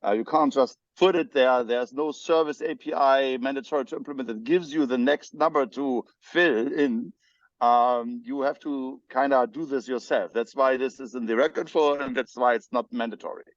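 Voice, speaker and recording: A man with a German accent talks through technical points in an editors' meeting, pausing often with fillers and restarts. His voice comes over a muffled, lo-fi video call. The sound is dry, with no room echo. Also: mid-range voice. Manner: hesitant, many fillers and restarts. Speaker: spec editor. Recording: dull lo-fi video call audio.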